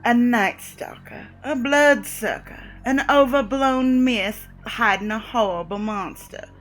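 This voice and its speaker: A woman reading the lines of a smug, theatrical male vampire preacher, slow and emphatic, over faint music. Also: a little high. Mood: smug, teasing. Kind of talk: reading game dialogue aloud.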